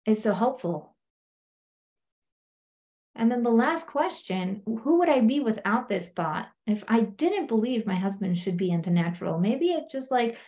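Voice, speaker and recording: This coach, a married woman, has a fairly high voice with a darker tone and teaches a self-inquiry technique in a chatty way. She keeps checking in with "right?" and performs the quoted lines.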